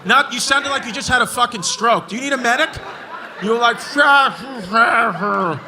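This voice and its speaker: A man working the room at a stand-up show, his voice pitched unusually high and his delivery brash, profane and mocking. He is recorded live in a large club, and a loud crowd laughs around him. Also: fairly quick. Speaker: stand-up comedian. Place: large comedy club before a live audience.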